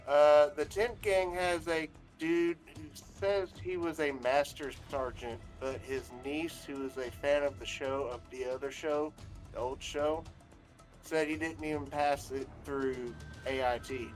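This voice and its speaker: A man in casual chat who tells rambling stories, profane and animated. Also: a little high. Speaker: guest on a talk stream.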